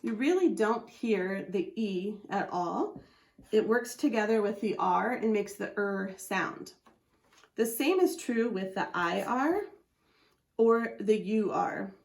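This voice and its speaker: A woman's voice: medium pitch, gravelly. A woman teaching a phonics lesson, patiently sounding out letters and syllables as she explains a chart. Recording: echoey room.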